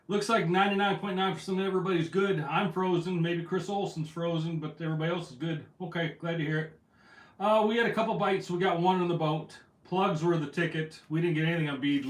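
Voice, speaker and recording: A man hosting a casual fishing livestream from home, a little out of breath, greeting viewers by name. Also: on the high side. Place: at home indoors. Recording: roomy echo.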